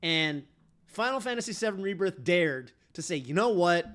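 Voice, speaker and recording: A man's voice: high voice, lively intonation, moderate pace, a bit bright. A man streaming a game, chatting casually in a rambling way full of fillers and restarts. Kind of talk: casual chat while streaming.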